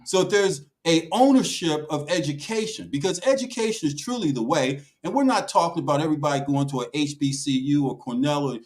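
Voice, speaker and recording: A man's voice: a little high, expressive, brisk, few pauses, darkish tone, poor audio. A man speaking emphatically on a talk show panel, with a preaching cadence that rises and falls.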